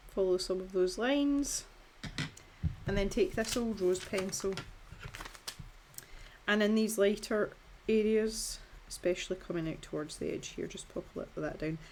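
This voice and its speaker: A woman's voice: mid-range voice, darkish tone, slight background noise. A Scottish woman in her thirties, talking casually through a colouring tutorial in a chatty, self-deprecating way. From Scotland. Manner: chatty and self-deprecating, with filler words and restarts.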